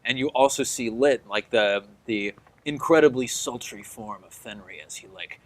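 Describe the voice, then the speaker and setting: Male game master, mid-pitched, rambling descriptive narration with lots of "like". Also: normal speed, a bit bright. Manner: loose, filler-heavy description peppered with "like".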